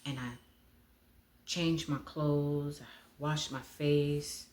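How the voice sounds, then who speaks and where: A woman giving a personal testimony, speaking in a heartfelt way and often dropping to a hush. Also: low voice, fairly even intonation, drawn-out words. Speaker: speaker sharing her testimony.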